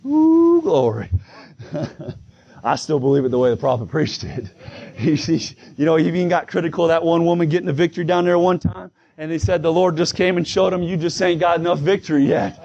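A man preaching a fervent sermon, shouting in bursts while losing his voice. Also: on the high side, fairly even intonation, fairly quick, gravelly. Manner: shouting, call-and-response preaching. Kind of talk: pentecostal-style sermon. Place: church sanctuary. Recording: muffled, lo-fi church recording.

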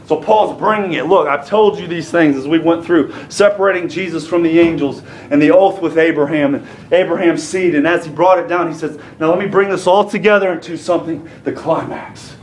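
A man preaching a sermon. He moves from plain Bible teaching to shouted fervor. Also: a little high, brisk, hardly any pauses, reverberant, slight background noise, poor audio.

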